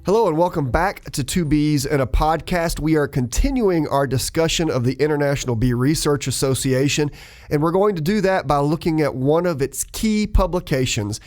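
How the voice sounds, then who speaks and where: Male podcast host, warm dark voice, friendly interview manner. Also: on the high side, normal speed.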